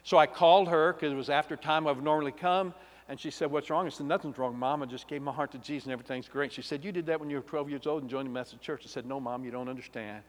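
A man, a pastor giving an emotional personal testimony, swinging between loud and hushed. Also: a little high, fairly even intonation, fast. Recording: long reverb of a large hall.

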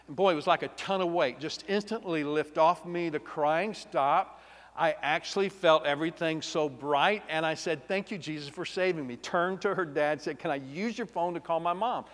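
A man's voice: fairly high pitch, normal speed. Emotional man, churchy reverb. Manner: emotional, storytelling, swings between loud and hushed. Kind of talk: personal testimony sermon. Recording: long reverb of a large hall.

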